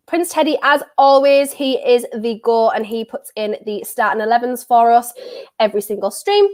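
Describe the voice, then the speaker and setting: A young British woman rambles chattily through a live stream, leaning on filler words as she goes. Her voice sits a touch higher than most, and the cold she is fighting comes through. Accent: British English. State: has a cold. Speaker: football watchalong streamer. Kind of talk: casual live-stream chat.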